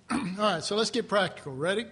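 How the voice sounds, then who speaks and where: A man with a high, bright voice teaches the Bible conversationally. He speaks with an earnest, animated manner and a slightly husky edge, often stopping to clear his throat. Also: moderate pace. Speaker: preacher.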